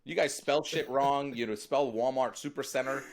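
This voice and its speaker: American comedian guy riffing on a podcast, punchy and lively, talks right at his hosts. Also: mid-range voice, moderate pace. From United States. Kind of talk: comedic storytelling.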